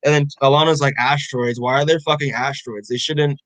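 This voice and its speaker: A man's voice: mid-range voice, fairly even intonation, fast, a bit bright, dry recording, low-quality recording. A young man co-hosting a podcast, casually recapping a comic in a rambling way full of fillers and swearing. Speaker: podcast co-host.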